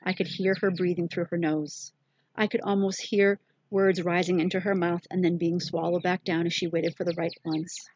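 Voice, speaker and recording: A woman narrates an audiobook in a measured, reflective way, her voice low and husky. The recording is dull and muffled in tone, with a dry, close sound. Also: little pitch movement, a little mellow, no echo. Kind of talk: scripted first-person narration.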